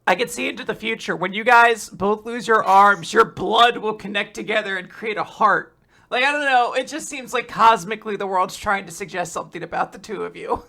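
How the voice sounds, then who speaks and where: Woman podcast co-host, casual and jokey, slight vocal fry, mid pitch. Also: sharp tone. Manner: jokey, laughs often, quick asides. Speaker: co-host of a manga recap podcast. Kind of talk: casual podcast chat and chapter recap.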